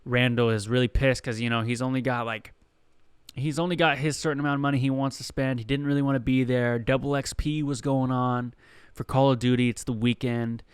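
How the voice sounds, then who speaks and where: A man's voice: mid-range voice, steady tone, brisk, clean tone, dry recording, clean studio sound. A man hosting a comedy podcast, telling stories in a rambling, profane, conversational way. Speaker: podcast host.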